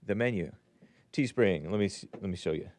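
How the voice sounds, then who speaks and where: A man hosting a live call-in show, chatty and upbeat, breaking into loud greetings, his voice a little strained. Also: deep voice, animated, a little fast, no room sound. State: voice slightly strained. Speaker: show host.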